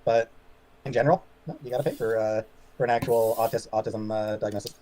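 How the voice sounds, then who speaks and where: A man chatting as a livestream guest, answering viewer comments in a halting way with many fillers and trailing off quietly. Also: mid-range voice, steady tone, a little hiss or hum. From Canada. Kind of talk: casual chat reading viewer comments.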